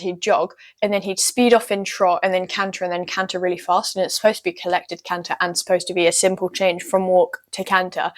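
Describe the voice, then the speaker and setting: A young woman casually recounting her first dressage test, chatty and self-deprecating, with many ums and likes. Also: mid-range voice. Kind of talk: casual storytelling vlog.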